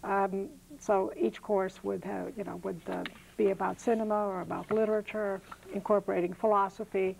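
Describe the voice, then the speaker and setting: A woman professor speaks in a mid-pitched voice with a gravelly edge of fry. She answers thoughtfully, pausing on fillers and correcting herself as she goes. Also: flat delivery, darkish tone, slight background noise, rough recording. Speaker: professor being interviewed. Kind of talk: casual interview answers.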